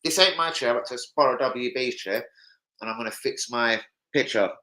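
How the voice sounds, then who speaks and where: A man hosting a casual football livestream, rambling, swearing and giving shout-outs to viewers. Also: mid-range voice, normal speed, rough recording. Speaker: football channel host.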